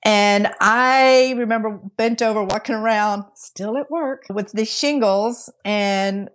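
Animated woman telling a story. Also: medium pitch, slow pace. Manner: animated storytelling, acts out quoted dialogue; laughs often mid-sentence. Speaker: podcast co-host. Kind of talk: casual podcast conversation.

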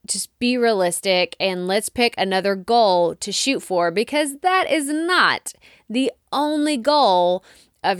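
Woman, Texas accent, solo podcast host, encouraging and conversational, middle pitch, dry studio sound. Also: a bit bright, clean tone, no echo. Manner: chatty and encouraging, acts out listeners' doubts. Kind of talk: solo podcast coaching talk.

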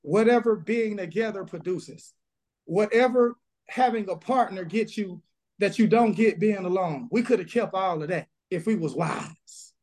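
Man, Southern pastor, high-pitched, emphatic and blunt, remote interview. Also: a little slow, darkish tone. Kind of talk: casual interview, preaching energy. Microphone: video call.

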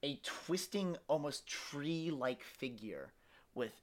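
A man's voice: a little high, animated, slow. A young man narrating as game master of a tabletop game, setting scenes vividly and dramatically.

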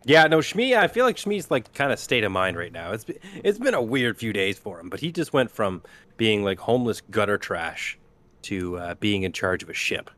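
A man's voice: fairly low pitch, big pitch swings, normal speed, fairly bright tone, no echo. A man playing a tabletop game, joking casually and swearing. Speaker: player.

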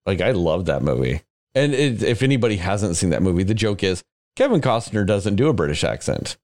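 Man, podcast co-host, low voice, swings up and down a lot, swears freely, casual. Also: fairly quick. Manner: profane, self-mocking, animated. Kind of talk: casual chat.

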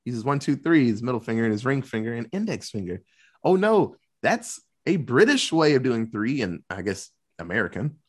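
A man's voice: mid-range voice, very animated. Man rambling through a casual movie recap. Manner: rambling, filler-heavy, quick asides.

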